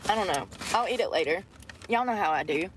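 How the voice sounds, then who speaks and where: A woman's voice: on the low side, animated, fast talker. A woman vlogging from inside her car, chatting candidly to viewers, rambling and swearing freely. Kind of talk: casual chat to viewers. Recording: car interior with vehicle noise.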